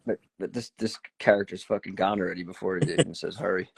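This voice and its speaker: A man hosting a casual chat, talking in an animated, profane, rambling way full of fillers. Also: sits low, quick pace, gravelly, breathy edge, no echo. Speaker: host.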